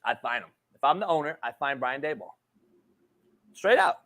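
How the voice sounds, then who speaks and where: A man's voice: mid-range voice, sing-song, moderate pace, a bit bright. A man hosting a sports talk show, ranting profanely and calling people homie. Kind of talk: heated sports debate.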